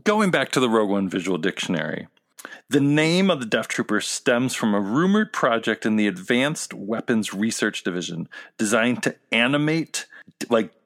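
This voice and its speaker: A man's voice: medium pitch, fairly bright tone. A man co-hosting a casual podcast chat, joking and laughing often as he reacts to a trailer. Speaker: podcast co-host.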